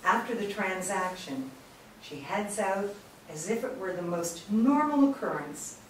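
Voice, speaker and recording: A woman's voice: medium pitch, animated, measured pace, slight background noise. A woman reading the stage directions of a screenplay steadily aloud. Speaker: narrator. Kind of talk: screenplay read-through. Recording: echoey room from far off.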